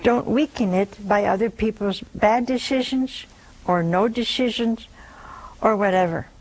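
A woman hosting a show, giving gentle, folksy spiritual counsel to a listener and often adding a questioning "see?". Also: mid-range voice, unhurried, rough recording. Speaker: host giving spiritual advice.

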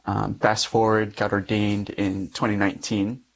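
A man's voice: on the low side, monotone, moderate pace, slight background noise. A young adult man, a Catholic priest, giving a personal testimony in conversation, acting out the dialogue in his story with frequent light laughs.

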